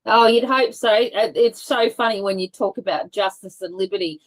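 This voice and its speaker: A woman's voice: medium pitch, normal speed, rough recording. A woman talking as a guest in casual conversation over a video call, rambling with many fillers and restarts.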